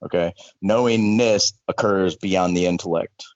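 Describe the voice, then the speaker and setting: A man's voice: deep voice, measured pace, dry recording, highs cut off. A man speaking as a life coach in casual conversation, earnest and repeating words as he builds a point.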